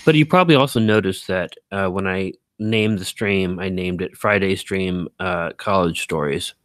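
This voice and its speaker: A man's voice: low voice, moderate pace, a bit bright, dry recording. A man chatting casually on a live stream, reading out viewer comments, rambling with lots of fillers and self-corrections and poking fun at himself.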